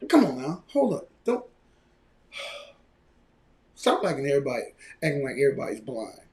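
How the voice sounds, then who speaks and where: A man hosting a live podcast, ranting loudly and mockingly. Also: fairly high pitch, moderate pace. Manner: loud, animated ranting with mocking quoted voices. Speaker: podcast host.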